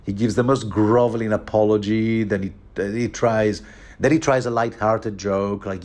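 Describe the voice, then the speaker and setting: A man's voice: fairly low pitch, fairly even intonation, moderate pace, a little mellow. A man giving a rambling, chatty book commentary, joking and chuckling as he goes. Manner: rambling, chuckling, many fillers and restarts.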